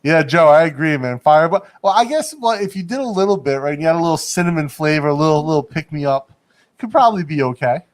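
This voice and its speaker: A man's voice: fairly high pitch, animated, quick pace. A man hosting a casual livestream chat from a studio in Bangkok. He rambles, laughs often and hedges his points. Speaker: livestream host.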